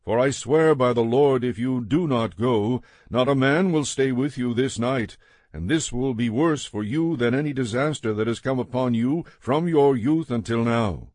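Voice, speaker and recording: A man's voice: mid-range voice, normal speed, darkish tone, no echo, studio quality, natural voice. A man reading the lines of a stern male army commander who rebukes his king.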